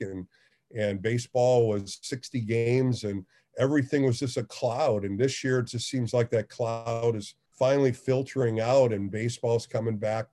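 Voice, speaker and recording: Mellow-voiced man telling radio stories. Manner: animated, acts out quotes in a higher voice. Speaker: baseball radio host. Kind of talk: casual interview storytelling.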